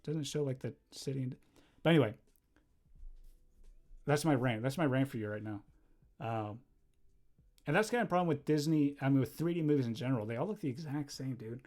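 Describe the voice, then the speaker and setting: A man's voice: medium pitch, fairly quick, long pauses. Rambling young man on a livestream. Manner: rambling, easily distracted, laughs often; bursts of loud excited exclamations. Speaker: livestreaming animator. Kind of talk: casual livestream chat while drawing.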